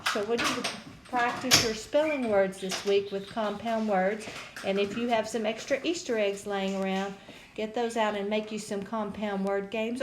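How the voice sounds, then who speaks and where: A woman's voice: medium pitch, echoey room, a little hiss or hum. A woman teacher, patiently sounding out words in a phonics lesson for young kids.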